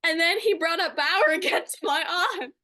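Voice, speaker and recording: A woman's voice: very high-pitched, normal speed, bright, forceful tone. A young woman co-hosting a podcast, telling a story casually and gushing, with lots of fillers. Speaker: podcast co-host.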